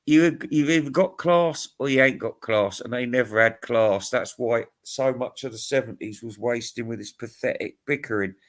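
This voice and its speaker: A man's voice: mid-range voice, moderate pace, few pauses. A middle-aged man in a casual, rambling monologue. He sounds tired, swears freely, rants and chuckles as he goes. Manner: profane, ranting, chuckling. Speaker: music vlogger.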